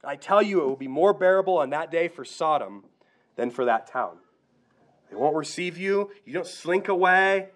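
A man's voice: on the high side, lively intonation, normal speed, a bit bright. A man preaching a sermon, earnest and direct, asking his listeners rhetorical questions. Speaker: pastor.

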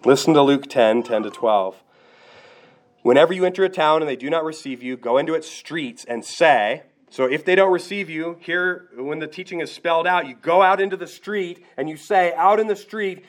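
A man's voice: fairly high pitch, moderate pace. A man preaching a sermon, earnest and direct, asking his listeners rhetorical questions. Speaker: pastor.

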